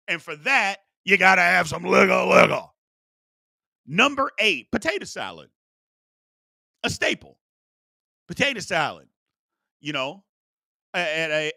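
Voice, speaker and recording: A man's voice: fairly high pitch, no echo, clean studio sound. A man hosting a live-streamed talk show, chatting playfully with viewers and repeating his points for emphasis. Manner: animated, repetitive, playful asides. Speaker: sports talk show host.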